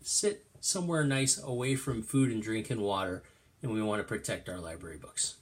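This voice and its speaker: A middle-aged man teaching kindergarten, reading a storybook aloud in an animated, sing-song way. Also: on the low side, normal speed. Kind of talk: storytime lesson for young children.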